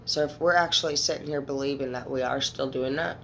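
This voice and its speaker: A woman's voice: a bass voice, fairly even intonation, brisk, a bit bright, slight background noise, rough recording. A woman in her thirties speaking candidly and emotionally to her viewers as a tarot reader, swearing freely. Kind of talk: casual monologue to viewers.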